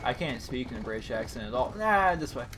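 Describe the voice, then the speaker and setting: A young man giving casual, jokey let's-play commentary, bursting into excited shouts, with his voice over the game audio. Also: medium pitch, quick pace, background noise. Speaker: gaming commentator. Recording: voice over loud game sounds. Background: game sounds, horse hooves.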